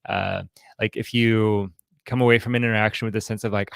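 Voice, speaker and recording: A man counseling a group in an informal teaching talk, halting and often restarting his sentences. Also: lowish voice, little pitch movement, vocal fry, a bit bright, clean tone, no echo, clean studio sound. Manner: halting, with frequent restarts and repeated words. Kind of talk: informal teaching talk with role-played examples.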